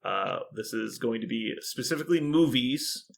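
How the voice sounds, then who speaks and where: A man's voice: medium pitch, expressive, normal speed, gravelly. A man hosting a casual podcast chat who laughs often as he retells scenes. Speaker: podcast host.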